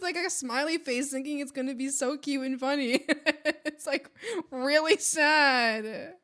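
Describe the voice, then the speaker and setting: Woman streamer: high, bright voice, giggly and playful, rambles through casual chat with restarts. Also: measured pace. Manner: giggly and playful, laughing often. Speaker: art streamer.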